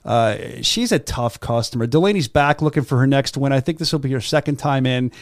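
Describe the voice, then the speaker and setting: A man co-hosting a sports talk show from a studio, joking and teasing his co-host in fast, casual banter. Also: mid-range voice, no room sound. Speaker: podcast co-host.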